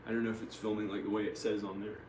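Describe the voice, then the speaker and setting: A man's voice: fairly low pitch, little pitch movement, racing. A man talking to the camera in a rambling personal monologue, restarting and trailing off. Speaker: vlogger. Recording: echoey room, mic at a distance, faint noise.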